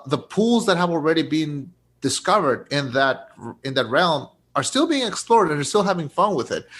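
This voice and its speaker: A young man chatting loosely about a film on a podcast. His voice sits a little high, and he talks in loose, restarting bursts, laughing as he goes. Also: a bit bright. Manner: rambling, restarts, laughs often. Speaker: podcast co-host. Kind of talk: casual movie review chat.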